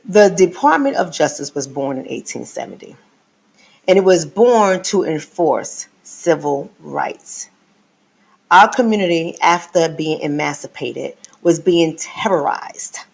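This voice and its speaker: A woman's voice: deep voice, expressive, a little slow, creaky, husky. A middle-aged woman hosting a live stream, who lectures her viewers in a teacherly way and repeats her points. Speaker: host.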